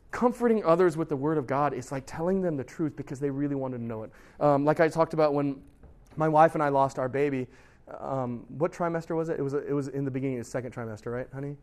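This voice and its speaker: A man with a fairly high-pitched voice gives a lively, conversational Bible talk to a youth group. He keeps checking in with his listeners and acts out little quoted voices as he goes. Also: fast. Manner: conversational, asks the listeners questions.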